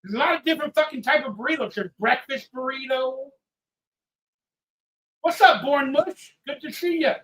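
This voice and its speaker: A tipsy man hosting a live watch-party stream, ranting and swearing, swinging from loud outbursts to low mutters. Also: normal speed, pauses often, low-quality recording. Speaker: livestream host. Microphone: headphones with mic.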